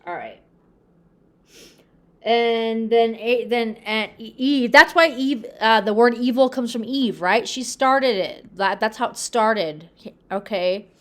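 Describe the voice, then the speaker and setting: A woman's voice: on the high side, slow. A woman casually and earnestly retelling Bible stories to her viewers, full of restarts and acted-out quotes. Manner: earnest, repetitive, addresses viewers as "you guys"; many restarts and fillers, acts out quoted lines. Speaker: religious video host. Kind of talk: casual Bible talk to camera.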